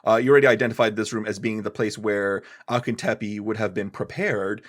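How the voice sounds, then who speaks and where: A man's voice: lowish voice, steady tone, fairly quick. A man running a tabletop game as game master, who narrates playfully and often teases the players with a laugh.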